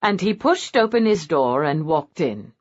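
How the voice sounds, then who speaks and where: A woman narrating a romance audiobook in a scripted style, with a lively, varied delivery. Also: low voice, a little slow. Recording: dull lo-fi audio.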